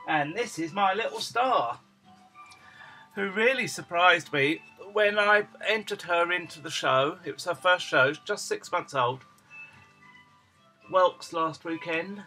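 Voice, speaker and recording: A man at home showing off his dogs, switching into high cooing baby talk whenever he speaks to them. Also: slow, bright, forceful tone, faint music behind, rough recording. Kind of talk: casual home video chat.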